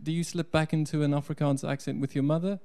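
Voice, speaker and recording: A man's voice: a little high, flat delivery, fast, mellow, clear, resonant tone. A man with an English South African accent, hesitantly asking a question from the audience. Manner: laughing, hesitant.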